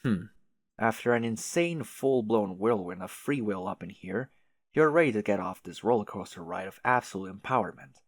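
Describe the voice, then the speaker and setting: A man's voice: fairly low pitch, no room sound. A man reading a webcomic aloud in a casual way, with swearing asides and laughs. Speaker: webcomic reader. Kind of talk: casual read-aloud with reactions.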